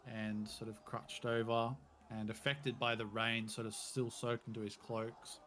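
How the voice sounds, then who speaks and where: A man's voice: medium pitch, little pitch movement, moderate pace, hardly any pauses, fairly bright tone, slight background noise. Rambling man running a tabletop game. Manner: loose, rambling descriptions full of "sort of" and "kinda". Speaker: game master.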